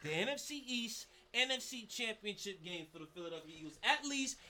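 A man with a high, bright voice that swings up and down. He rants about sports picks in loose, profane chat as a podcast co-host. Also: fairly quick. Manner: animated, profane ranting.

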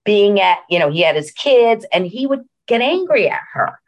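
A woman's voice: medium pitch, big pitch swings, moderate pace. A middle-aged woman, a senior living executive, telling a story in a casual interview with many fillers and restarts.

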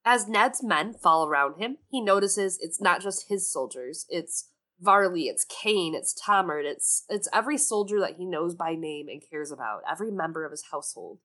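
A woman co-hosting a podcast in casual chat, with a lowish voice that still sounds bright and forceful. She talks with animated sarcasm and swears freely. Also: moderate pace. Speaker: podcast co-host. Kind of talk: casual book discussion chat.

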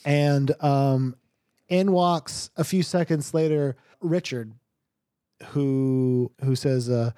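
GM, man, slow rambling narration, dry close mic. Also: medium pitch, fairly even intonation, mellow, clean tone, no room sound. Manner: meandering, filler-heavy narration. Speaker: game master. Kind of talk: narrating a tabletop game.

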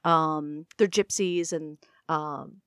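A woman telling a story in casual podcast chat, chatty and quick to laugh, trailing off with fillers. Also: deep voice, fairly even intonation, fairly bright tone, no echo, clean studio sound. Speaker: podcast co-host.

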